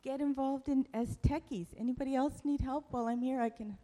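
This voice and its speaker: A woman speaking to a congregation in a lively, animated way, with a slightly high voice. She is playful and cheerfully mocks herself as she talks. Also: a little fast. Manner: playful, self-mocking, animated. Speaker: church speaker. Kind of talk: lively sermon talk.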